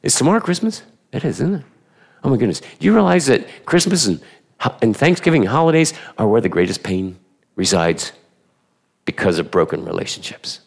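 A male pastor giving a sermon in a church, emphatic and animated, firing rhetorical questions at the congregation and repeating his key phrases. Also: mid-range voice, a little fast, vocal fry.

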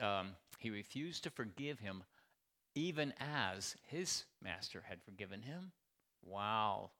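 Guy preaching a sermon, bright forceful voice, pitch jumping all over, lots of questions to the crowd. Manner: animated preaching, rhetorical questions, emphatic repetition. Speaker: pastor.

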